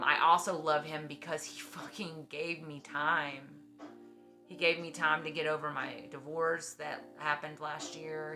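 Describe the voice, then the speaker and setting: A woman in her forties with a low voice, talking bluntly and effusively and swearing freely. Her casual chat on a stream has clear music playing behind it. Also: pushed and bright. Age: 40s.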